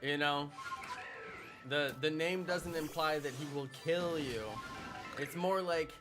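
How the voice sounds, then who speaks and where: A man's voice: fairly high pitch, steady tone, takes it slowly. Playful, chatty man streaming a game. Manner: chatty, playful, jokes with chat. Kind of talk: live-stream gameplay commentary. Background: game music.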